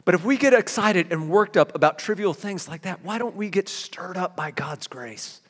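A man preaching a sermon as a pastor, animated and given to sudden emphatic bursts. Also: high voice, normal speed, breathy edge. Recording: long hall reverb.

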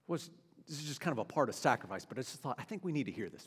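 A man's voice: medium pitch, expressive, very fast, a bit bright, slightly rough. A man in his forties preaching a sermon, earnest and conversational, often repeating and restarting his words. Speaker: pastor. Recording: long hall reverb.

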